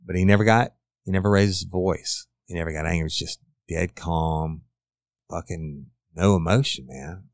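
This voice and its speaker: With vocal fry and an extremely low pitch on a dry recording, a middle-aged ex-detective hosts a podcast. He recounts a crime case bluntly, swearing casually as he tells the true crime story.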